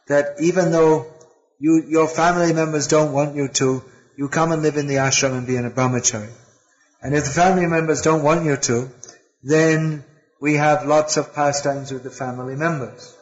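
A man lectures on spiritual life with a slightly high voice. He halts often, starting phrases over before finishing them. The recording sounds dull and lo-fi. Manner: hesitant, with many restarts and fillers. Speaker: spiritual teacher.

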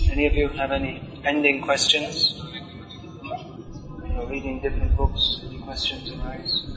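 A man with a fairly high voice leads a scripture lecture, reading passages and chanting verses in a slow, measured way. His voice rings with a long hall reverb on a dull, lo-fi recording, with music playing clearly behind him. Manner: reads aloud and explains, chants Sanskrit verses slowly.

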